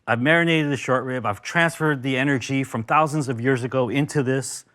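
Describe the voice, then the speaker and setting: Here's a Los Angeles man leading an informal cooking lesson at his kitchen grill, eager and chatty with lots of digressions. His voice sits mid-range, a touch bright, and he moves at a brisk pace.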